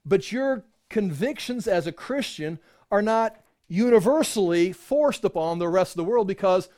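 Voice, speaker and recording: A man's voice: high voice, lively intonation, moderate pace, darkish tone. A middle-aged man teaching from the Bible in a conversational sermon, acting out the voices in quoted exchanges. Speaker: pastor.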